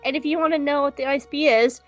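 A woman's voice: high voice, steady tone, fast. A woman co-hosting a podcast, rambling and joking through a casual recap with frequent swearing. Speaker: podcast co-host. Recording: dull lo-fi audio with faint music.

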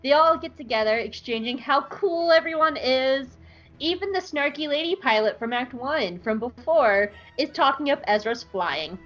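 A woman co-hosting a podcast, giving an animated, jokey recap in casual chat. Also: mid-range voice, dull audio. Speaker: podcast co-host.

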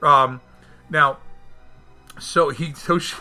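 A man recapping a movie in casual chat, animated and acting out the characters' lines. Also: takes it slowly, soft background music. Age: adult, married. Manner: animated, acts out quotes with big jumps in pitch. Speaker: podcast co-host reviewing a film.

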